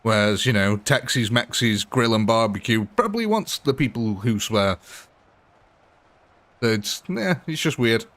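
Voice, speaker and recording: A man's voice: mid-range voice, expressive, measured pace, fairly bright tone. A man live-streaming a game, chatting casually, answering viewers' comments and laughing often. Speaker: gaming livestreamer.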